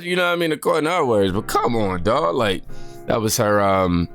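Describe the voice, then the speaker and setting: A man's voice: mid-range voice, sing-song, normal speed, vocal fry, fairly bright tone, faint music behind. A man hosting a reaction video, chatting casually and animatedly to his viewers in slangy, direct talk. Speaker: reaction channel host.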